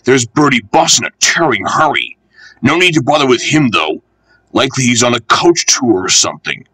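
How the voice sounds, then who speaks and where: A man's voice: mid-range voice, expressive, moderate pace, bright, forceful tone, husky, heavily acted, rough recording. A man voicing a chatty, offhand male railway fireman in a storybook.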